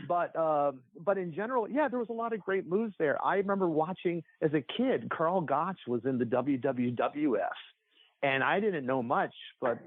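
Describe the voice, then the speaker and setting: A man's voice: a little high, expressive, moderate pace, no echo. A man chatting casually as a podcast guest, rambling with lots of fillers and restarts. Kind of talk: casual chat. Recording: tinny phone-like line.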